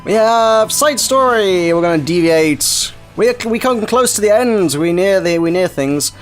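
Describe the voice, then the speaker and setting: A man's voice: high-pitched, moderate pace, soft background music. A man hosting a playful reading of a visual novel, rambling with jokey asides. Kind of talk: playful let's-play narration.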